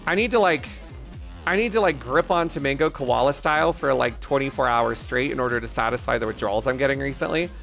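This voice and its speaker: Gravelly man chatting crudely on stream. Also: mid-range voice, fairly quick, a bit bright, soft background music. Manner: crude, joking, rambling banter with chat. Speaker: live streamer. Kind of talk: casual live-stream chat.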